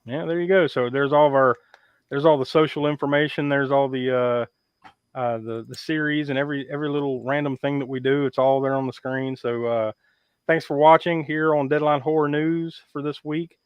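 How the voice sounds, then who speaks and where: A man's voice: mid-range voice, steady tone, brisk, smooth, no room sound. A man hosting a live horror podcast, chatting casually with a joking, rambling, wry manner. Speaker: podcast host. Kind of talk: casual live-stream chat. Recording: dull lo-fi sound.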